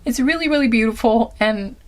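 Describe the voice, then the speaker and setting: A woman giving a casual spoken intuitive reading, gentle and earnest, often searching aloud for the right words. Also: fairly high pitch, fairly quick. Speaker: intuitive card reader.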